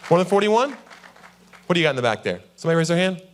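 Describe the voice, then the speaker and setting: A man's voice: fairly high pitch, big pitch swings, very fast, a faint crowd. Stand-up comic man on stage. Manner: conversational, acts out voices of his wife and himself. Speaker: stand-up comedian. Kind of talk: stand-up comedy set. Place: church auditorium with a live audience.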